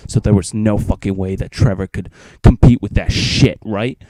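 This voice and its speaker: A man's voice: fairly low pitch, steady tone, moderate pace, hardly any pauses, dark tone, no room sound. A teenage man telling a rambling, profane story in a casual vlog, acting out his friends' lines.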